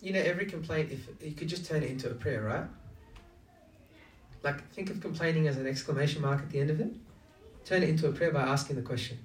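A man's voice: on the high side, fast. Man, preacher, chatty sermon, asks the congregation questions, voice from far off the mic. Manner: engaging, asks the audience many rhetorical questions. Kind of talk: conversational sermon. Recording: echoey room, distant from mic.

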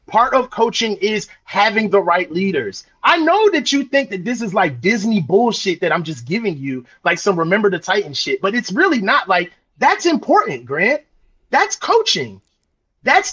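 A man's voice: high-pitched, bright, forceful tone. A man co-hosting a sports podcast, insistent and interrupting, repeating himself in a heated casual debate. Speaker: podcast co-host. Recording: dull lo-fi mic.

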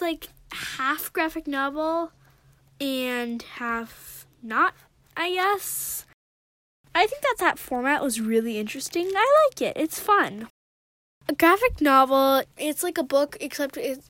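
A young female speaker chatting casually about a book and reading an excerpt aloud. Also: high-pitched. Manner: chatty, filler-heavy. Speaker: book reviewer.

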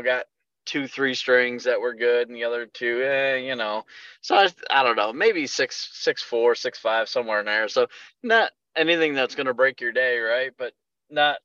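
Man, podcast co-host, bright forceful voice, dull lo-fi sound, animated storyteller. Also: medium pitch, no echo. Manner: animated storyteller, acts out quotes. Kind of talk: casual chat.

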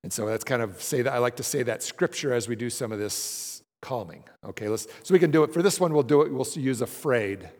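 A man's voice: mid-range voice, brisk, few pauses, a little mellow. A man leading a class through guided breathing exercises, talking conversationally and often checking in with his listeners. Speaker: class leader. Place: large room with a group. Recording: long hall reverb.

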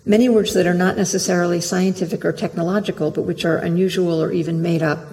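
A literary translator reading a prepared lecture in a measured, careful way, heard in a lecture hall. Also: mid-range voice, fairly even intonation, darkish tone, a little hiss or hum. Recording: long hall reverb.

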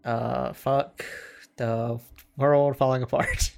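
A man's voice: medium pitch, level tone, slow pace, creaky, a little mellow, smooth. A man co-hosting a podcast in casual chat, laid-back and teasing. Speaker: podcast co-host.

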